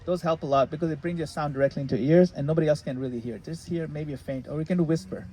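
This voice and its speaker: A man leading a retreat session, explaining a practice in a relaxed, casual way and sometimes laughing at his own jokes. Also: on the high side, rapid-fire, husky, poor audio. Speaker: retreat leader answering questions. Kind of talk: casual teaching in a group session. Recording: faint background noise.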